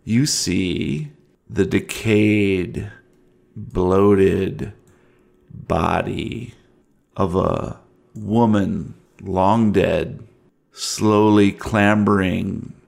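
A low, gravelly man's voice telling a horror scene at an unhurried pace. He narrates as game master, drawing out the dramatic moments. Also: a little mellow.

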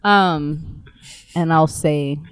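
A tabletop player talking through their character's actions in a playful way, often laughing. The voice sits at a middle pitch with a dry, close sound. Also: very slow, clean tone, no echo, soft background music. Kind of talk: in-character role-play.

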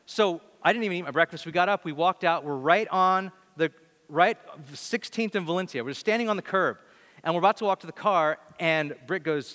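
Bright-voiced preacher in a reverberant hall. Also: male voice, on the high side, a little fast. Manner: animated, conversational, many restarts. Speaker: pastor. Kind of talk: storytelling sermon.

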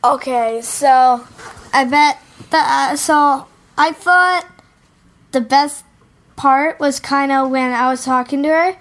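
A woman's voice: sits high, fairly even intonation, slow, a bit bright. A woman co-hosting a podcast, eagerly retelling a story. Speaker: podcast co-host.

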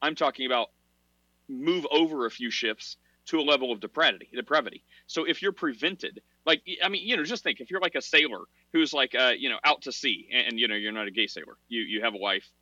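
Rambling, bright-voiced man on a podcast. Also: mid-range voice, fast, no echo. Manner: rambling, filler-heavy, laughs at himself. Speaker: podcast co-host. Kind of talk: casual religious discussion. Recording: dull, dry podcast audio.

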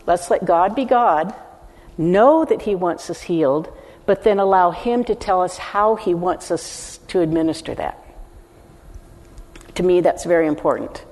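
A woman's voice: lowish voice, animated, a little slow, a little mellow. An older woman teaching a sermon, earnest and emphatic, speaking straight to her listeners. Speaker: preacher. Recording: long hall reverb.

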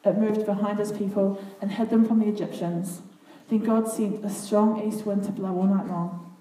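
Woman reading a Bible story, expressive, mellow voice, echoey room, far from the mic. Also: medium pitch, moderate pace. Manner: earnest, expressive, animated storytelling. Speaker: Bible reader to a group. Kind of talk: reading a children's Bible story aloud with comments.

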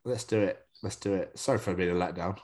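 A man's voice: deep voice, quick pace, darkish tone. A man guest on a casual podcast who swears freely and laughs often. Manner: swears freely, laughs a lot, self-deprecating.

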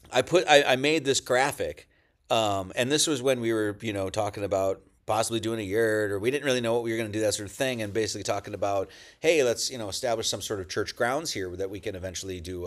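A man giving a casual, rambling church talk as pastor, joking and swearing, with many restarts. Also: lowish voice. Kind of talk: casual sermon. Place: at home with dogs nearby.

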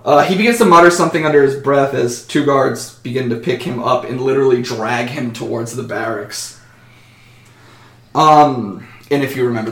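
A man's voice: medium pitch, fairly bright tone. A man narrating a tabletop game as game master, casual with frequent fillers. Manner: casual, many fillers, laughs often. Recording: echoey room, far from mic.

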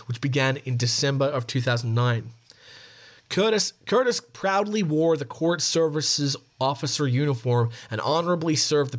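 A man hosting a podcast, reading news articles aloud and adding chatty commentary, often stumbling and restarting as he reads. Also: mid-range voice.

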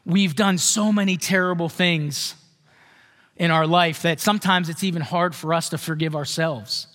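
A man's voice: a little high, moderate pace, a bit bright, long reverb tail. A male pastor giving a sermon in a conversational way, often checking with the congregation. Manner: conversational, asks the congregation questions.

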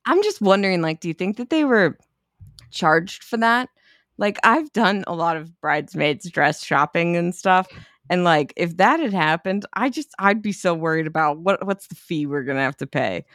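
A woman's voice: on the low side, animated, normal speed, a bit bright, dry recording, studio quality. A woman co-hosting a casual movie podcast, talking loosely with lots of "like" and swearing, laughing and acting out lines. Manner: heavy use of "like" and swearing. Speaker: podcast co-host. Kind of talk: casual chat.

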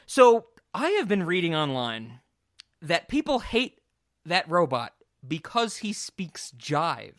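A man co-hosting a casual film podcast, excitable and rambling, swearing freely as he talks. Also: on the high side, slow, no room sound, clean studio sound. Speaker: podcast co-host.

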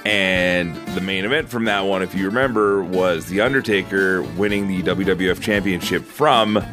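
Low-voiced man musing on wrestling. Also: music in the background. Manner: thoughtful, measured, self-deprecating. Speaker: co-host. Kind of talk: casual sports chat.

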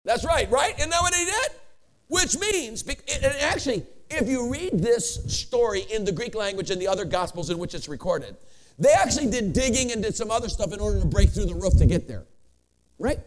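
A man preaching a sermon as a pastor, telling stories with rising energy and bursts of shouting. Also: high voice, a little fast, slight background noise. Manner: animated storytelling, building to shouts.

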